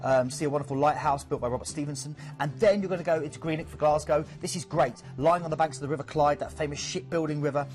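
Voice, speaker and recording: A man from the UK talks through cruise ports in an eager sales pitch, lively and chatty, with a self-mocking joke now and then. His voice sits slightly high. Faint music plays behind him. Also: fast talker, few pauses. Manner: lively, chatty, jokes about himself.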